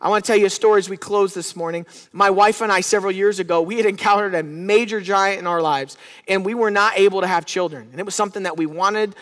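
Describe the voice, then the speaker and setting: Male pastor in his thirties, high-pitched, fervent sermon delivery, recorded with long church-hall reverb. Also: fairly even intonation, fast, a bit bright. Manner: preaching with rising fervor, calls to the congregation.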